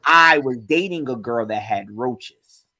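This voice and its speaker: A man's voice: mid-range voice, a little slow. A man from New Jersey, a comedian guest telling stories in casual chat and acting them out with sound effects. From Newark, New Jersey. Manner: animated, acts out his stories with sound effects.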